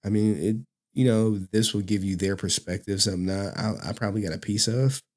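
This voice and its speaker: A man's voice: fairly low pitch, fairly even intonation, a little fast, darkish tone. A man hosting a casual reaction stream, laid-back and rambling, laughing often. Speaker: host.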